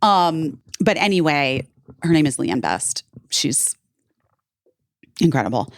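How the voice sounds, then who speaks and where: A woman's voice: deep voice, sing-song, takes it slowly, dry recording, clean studio sound. A woman in her forties hosting a podcast, telling a story in casual chat, full of "like" and swearing freely. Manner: chatty, heavy on "like", swears freely. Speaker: podcast host.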